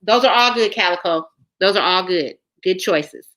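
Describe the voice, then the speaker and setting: A woman, hosting a casual livestream, reading viewers' comments aloud and chatting in a lively way, repeating herself often. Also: fairly low pitch, normal speed, a little hiss or hum. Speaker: channel host reading live chat.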